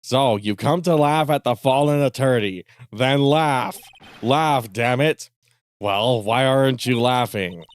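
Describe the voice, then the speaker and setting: A man voicing a haughty male prosecutor in a game, speaking slowly and disdainfully with a slightly nasal tone. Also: mid-range voice, lightly acted. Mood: scornful.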